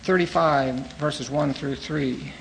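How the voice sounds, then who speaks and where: A man's voice: on the high side, steady tone, takes it slowly, vocal fry, slight background noise, poor audio. A man teaching through a book of the Bible, reading verses aloud and then explaining them in plain everyday words.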